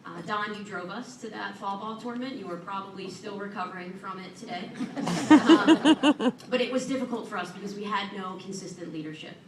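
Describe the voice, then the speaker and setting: A woman giving a heartfelt hall of fame acceptance speech at a podium, earnest and warm with self-deprecating humor. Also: medium pitch, fairly quick, hardly any pauses, crowd noise. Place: large event hall at an awards ceremony. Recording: echoey room, voice from far off.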